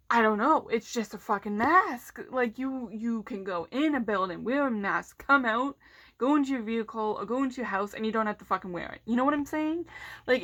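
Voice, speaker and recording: A woman's voice: fairly high pitch, a bit bright. A woman vlogger ranting casually and bluntly, swearing heavily and sounding frustrated.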